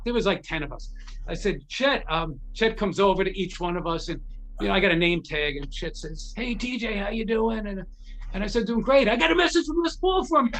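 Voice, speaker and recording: A middle-aged man, a guitar repair technician, telling lively anecdotes as an interview guest, acting out the voices of the people he quotes and often restarting his sentences. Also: high-pitched. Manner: animated, acts out quoted voices, frequent restarts. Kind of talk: anecdotal storytelling in a conversation.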